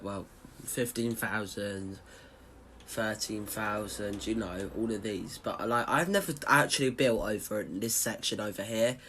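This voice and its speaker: A man's voice: lowish voice, a bit bright, a little hiss or hum. A man chatting casually to viewers as he shows off a house he built in a game, rambling with lots of fillers and restarts. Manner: chatty and informal, speaking straight to viewers. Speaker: gaming YouTuber showing a house build.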